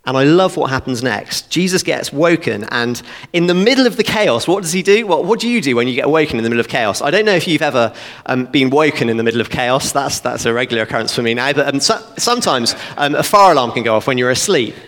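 A man preaching a sermon, walking through a passage verse by verse in an animated, conversational way with joking asides. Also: medium pitch, quick pace. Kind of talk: expository sermon. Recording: long reverb of a church hall.

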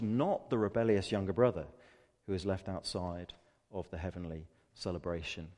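A man delivers a sermon in an earnest, emphatic style, asking rhetorical questions. His voice sits fairly low. The sound carries a long reverb from a large hall. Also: a little mellow. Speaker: preacher.

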